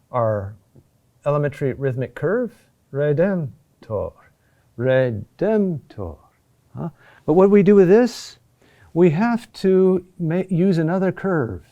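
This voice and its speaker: A man teaching a recorded lesson on chant rhythm, talking deliberately with pauses and "huh?" checks. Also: a little high, mellow.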